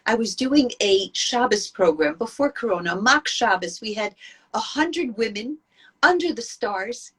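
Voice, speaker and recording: Breathy woman giving an inspirational talk. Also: mid-range voice. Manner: storytelling, emphatic and earnest. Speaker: Jewish women's speaker.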